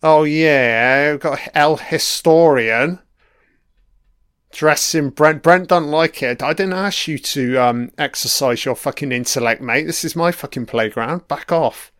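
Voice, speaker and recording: A man's voice: fairly high pitch, normal speed, few pauses, a bit bright, no echo, clean studio sound. A man giving a profane, mocking watch-along commentary on a TV episode, heckling the characters on screen. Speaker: film commentator.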